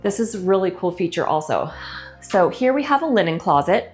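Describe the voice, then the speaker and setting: A woman's voice: on the low side, big pitch swings, a little fast, soft background music. A middle-aged woman real estate agent walking through a house on a casual tour, gushing enthusiastically about each room. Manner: enthusiastic, gushing about features, chatty asides. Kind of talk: casual walkthrough home tour. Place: indoors in a large house.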